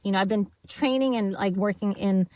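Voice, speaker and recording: Animated woman telling a story, dry sound. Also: mid-range voice, brisk, no room sound, muffled recording. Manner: animated, acts out quoted voices, laughs often. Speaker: podcast guest, voice actor. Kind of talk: casual storytelling chat.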